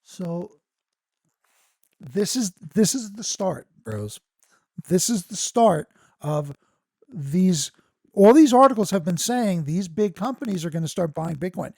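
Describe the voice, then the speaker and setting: Male podcast host, gravelly edge, dry close sound, squeaky and sweary when riled up, reads articles then rants. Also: takes it slowly, pauses often, no room sound. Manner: profane, excitable, reads articles aloud with side comments. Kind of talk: casual news-reading podcast rant.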